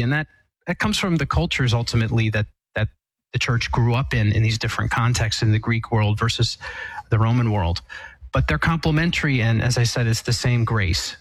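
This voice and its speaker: A man, a priest, answering a call-in question in a thoughtful, measured way with frequent fillers and restarts. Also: medium pitch, dry recording, rough recording. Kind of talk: radio call-in explanation.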